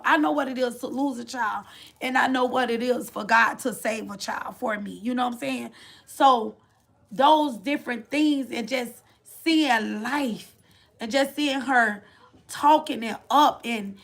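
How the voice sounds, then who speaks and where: A middle-aged mother gives a heartfelt testimony of faith, circling back and restarting her phrases as she goes. Her voice sits a little high and carries a gravelly, fry-laden texture throughout. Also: a bit bright. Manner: heartfelt, repetitive, restarts phrases, Southern Black church cadence of faith talk. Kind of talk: emotional personal testimony.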